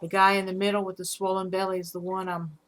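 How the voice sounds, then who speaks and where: A middle-aged woman with a Southern accent, hosting a casual live stream about her fish, halting often with fillers. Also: medium pitch, level tone, a bit bright. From Alabama. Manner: rambling, halting with fillers, reads out chat comments.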